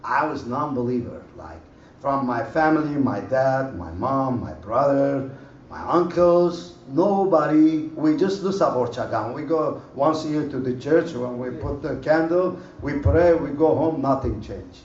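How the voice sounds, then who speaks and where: A man giving an animated personal testimony at a church conference, in broken English. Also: medium pitch, measured pace. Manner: animated storytelling, broken English, laughs often. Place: conference hall. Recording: roomy hall, far mic, dull lo-fi, faint noise.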